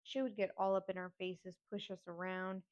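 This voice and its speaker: Brief: woman podcast host, blunt and profane storytelling, mid-pitched voice, slightly dull audio. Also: flat delivery, normal speed, darkish tone. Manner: candid, profane, conversational. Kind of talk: personal storytelling.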